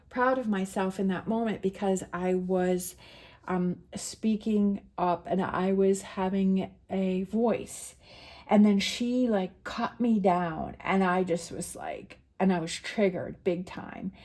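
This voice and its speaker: A middle-aged woman, a tarot reader, tells a personal story in a medium-pitched, mellow voice. Her delivery is casual, emotional, and rambling, with many restarts.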